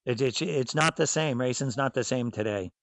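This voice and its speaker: Man, Boston accent, fifties, blunt storyteller, dry close sound, plain middle pitch. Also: moderate pace, fairly bright tone, no room sound, rough recording. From New England, south of Boston. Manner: blunt, storytelling, acts out voices in anecdotes. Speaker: former racer and team owner. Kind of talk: casual interview.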